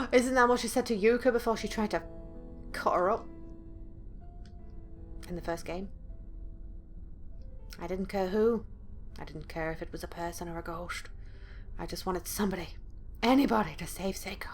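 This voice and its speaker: A woman's voice: mid-range voice, moderate pace, long pauses, faint music behind. A woman playing through a horror game, reading the story aloud dramatically and breaking in with blunt, profane asides. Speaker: let's play gamer.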